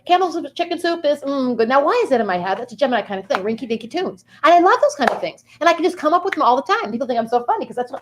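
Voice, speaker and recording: Lively, fast-talking playful woman guest. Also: fairly high pitch. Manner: chatty, playful, rambling with sing-song asides. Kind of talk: comic monologue in character of a sun sign.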